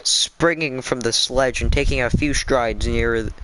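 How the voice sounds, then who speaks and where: A man's voice: medium pitch, a little slow, a bit bright. A drowsy man on a casual stream, reading a book aloud and chatting, often stumbling over words and restarting. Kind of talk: casual live-stream storytelling.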